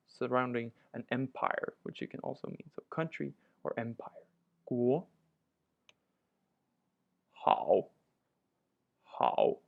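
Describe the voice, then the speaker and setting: A man teaching a language lesson, patiently walking through each example and repeating it. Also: mid-range voice. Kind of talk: instructional walkthrough.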